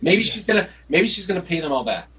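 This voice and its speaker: Easygoing, lively-voiced man host. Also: high voice, fast talker, crowd noise, low-quality recording. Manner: easygoing, laughs often. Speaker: podcast co-host, doctor. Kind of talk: casual podcast chat.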